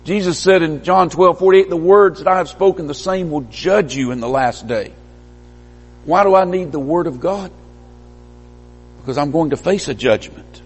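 A man's voice: normal speed, husky. Male preacher in a reverberant hall. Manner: emphatic, rising to stressed peaks then dropping low. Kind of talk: sermon.

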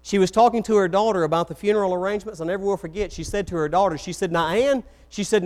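A preacher with a high voice tells stories from the pulpit and plays out each quoted voice. A mains hum runs faintly under the recording. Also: male voice, quick pace, few pauses, darkish tone. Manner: storytelling, acts out quoted voices. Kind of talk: sermon.

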